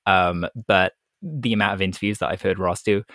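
Man, podcast co-host, very deep voice, dry close sound, relaxed halting chat. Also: no room sound.

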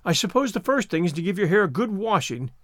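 A man's voice: high voice, big pitch swings, fast, a bit bright, dry recording, studio quality. A man voicing a severe, sarcastic older woman guardian in a storybook, scolding sharply. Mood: stern.

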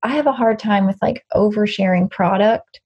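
A woman's voice: medium pitch, moderate pace, husky, lo-fi sound. A woman speaking as an interview guest in a casual, candid chat, rambling with frequent restarts. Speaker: guest, social media creator.

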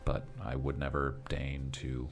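A man's voice: a bass voice, completely flat delivery, a little slow, music in the background. A man playing a tabletop role-playing game, speaking as his character in a casual, wry way. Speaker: player.

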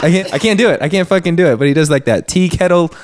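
A man's voice: on the high side, quick pace. A young man co-hosting a podcast, chatting loosely with lots of restarts, fillers and swearing. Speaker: podcast co-host. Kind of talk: casual chat.

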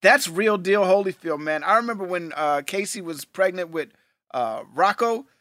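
A laid-back man co-hosting a podcast in easy casual chat. His voice sits high and sounds bright, and it is recorded close and dry with no room sound. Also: lively intonation, moderate pace, dry recording. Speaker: podcast co-host.

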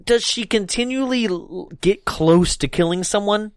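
A man in casual chat, recapping a movie with lots of swearing and quick acted-out character bits. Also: sits high, no echo, studio quality.

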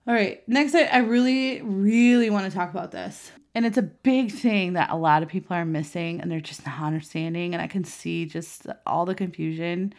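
A woman in her thirties, a mother, talking earnestly to camera in a conversational way, with many fillers and restarts. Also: on the low side. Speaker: mother and vlogger.

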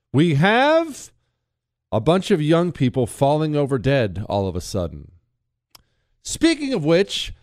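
A man hosts a political talk radio show in a studio and works through his point with a hypothetical story and a string of rhetorical questions. His voice sits a little high and swings widely in pitch. The sound is dry and close to the mic. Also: no room sound. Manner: animated storytelling with mock quotes and rhetorical questions. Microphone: studio microphone.

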